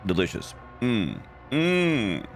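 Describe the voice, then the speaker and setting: Young dude streamer, goofy and swearing, voice jumping up and down, bit of music behind. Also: male voice, medium pitch, big pitch swings, slow pace. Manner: playful, banters and swears while greeting chat. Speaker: gaming streamer. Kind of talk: casual live-stream chat.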